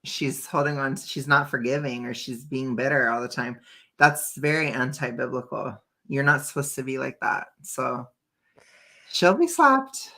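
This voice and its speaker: Very low, gravelly woman co-host. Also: expressive, moderate pace, bright, forceful tone. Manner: emphatic and preachy, colloquial. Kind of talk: casual reaction chat.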